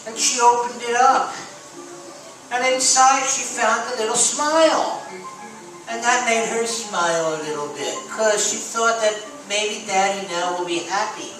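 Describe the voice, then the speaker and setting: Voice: mid-range voice, a little slow. Echoey storyteller for children. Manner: gentle, addresses children directly. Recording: very echoey room, far mic, music.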